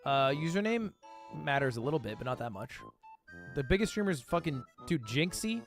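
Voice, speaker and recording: Faint music plays behind a lively male streamer whose voice sits on the high side as he comments casually on a guessing game. He thinks out loud, swears freely, and tosses in quick self-mocking asides.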